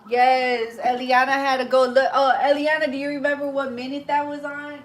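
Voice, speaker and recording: A young woman chatting casually on a livestream while she works, telling stories with animated energy and laughing as she goes. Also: high voice, normal speed. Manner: greets and chats with live viewers. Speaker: hair braider livestreaming.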